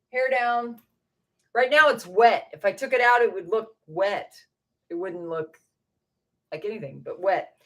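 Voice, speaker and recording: A middle-aged woman from Maine runs a casual livestream from home, her voice a little high and fairly bright. She talks straight to her viewers and swears freely whenever she gets frustrated.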